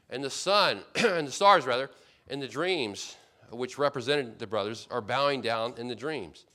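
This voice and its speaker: A man's voice: fairly high pitch, a bit bright. A man preaching an expository sermon as pastor, earnest and emphatic, repeating key points and often restarting mid-phrase.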